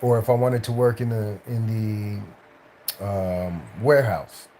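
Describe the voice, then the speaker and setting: A man's voice: fairly low pitch, steady tone, measured pace, mellow, slight background noise. A tired man, an actor, telling career stories on a casual live stream, rambling with many fillers and restarts and slipping into voices for other people. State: tired, late at night.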